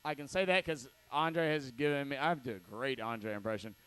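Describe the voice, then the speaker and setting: A man's voice: medium pitch, normal speed, a bit bright, smooth. A man hosting a comedy show, rambling through profane, loose banter and laughing at his own jokes. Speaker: show host. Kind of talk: loose stand-up banter on stage.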